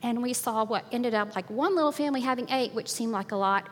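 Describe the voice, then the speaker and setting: An older woman giving a personal faith testimony at church, animated and often laughing, acting out what others said. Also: fairly high pitch, fairly quick, big-room sound. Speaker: church speaker.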